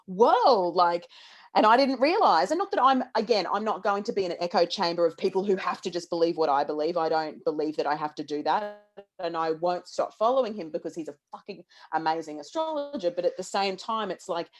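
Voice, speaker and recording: A woman in her thirties, a podcast co-host, talking in a lively, casual way with lots of restarts and the odd swear word. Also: lowish voice, fast. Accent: Australian. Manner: animated, swearing, many restarts. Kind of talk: casual astrology chat.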